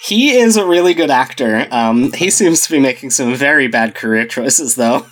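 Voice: medium pitch, expressive, moderate pace, low-quality recording. Casting note: American co-host, dry wry humor, easygoing banter. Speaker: podcast co-host. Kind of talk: casual chat.

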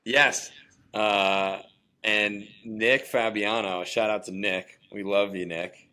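Male actor, thirties, from New Jersey; low-pitched, easygoing storyteller. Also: steady tone, slow, pushed and bright. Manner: upbeat, chatty storyteller with fillers. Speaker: actor, podcast guest. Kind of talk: casual interview storytelling.

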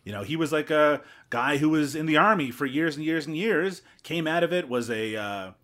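A man's voice: on the high side, normal speed, bright, forceful tone. A man hosting a podcast, chatting casually and playfully and laughing often. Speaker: podcast host.

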